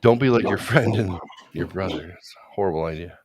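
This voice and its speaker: A man's voice: low-pitched, fairly quick, noisy background. A man co-hosting an online talk show, telling crude stories in a rambling, joking way. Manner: rambling, joking, voices quoted people. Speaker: podcast co-host. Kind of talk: casual chat, crude storytelling.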